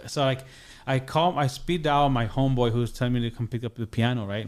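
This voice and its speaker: Casting: young adult man, podcast guest, mid-pitch voice, loose storyteller who keeps circling back with fillers. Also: fast, darkish tone. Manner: rambling, heavy on "like" and restarts. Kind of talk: casual storytelling.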